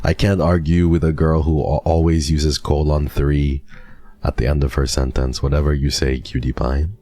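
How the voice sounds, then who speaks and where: A man's voice: a bass voice, little pitch movement, normal speed, dark tone. A man streaming a horror game, chatting playfully to his viewers at a desk mic. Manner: playful, teasing, talks to chat. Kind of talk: casual game commentary.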